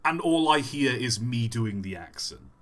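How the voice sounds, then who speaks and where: A man chats casually on a live stream, answering viewer questions. His voice is bright and forward. He rambles, backtracks and pokes fun at himself. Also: medium pitch, lively intonation, measured pace. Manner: rambling, self-deprecating, with many fillers.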